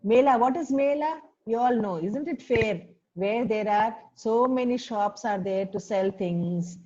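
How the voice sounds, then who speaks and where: A woman's voice: a little high, measured pace, warm tone. A woman who teaches a story to students, explaining words and often asking them questions. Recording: dull lo-fi recording.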